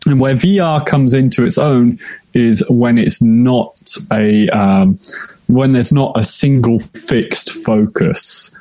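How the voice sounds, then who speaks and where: British male guest, mellow voice, measured and hesitant. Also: mid-range voice, no room sound. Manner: thoughtful, hesitant with many fillers. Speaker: podcast guest. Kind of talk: casual podcast discussion.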